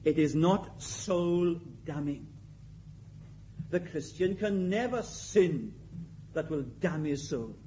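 A man preaching a sermon in an emphatic way, repeating his key phrases and swinging between loud and quiet. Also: a little high, lively intonation, takes it slowly, dull audio, a little hiss or hum.

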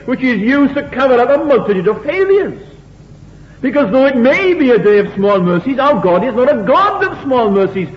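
A man preaching a sermon in a chapel, earnest and repetitive, asking the congregation rhetorical questions. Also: very high voice. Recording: dull, lo-fi recording in a reverberant hall.

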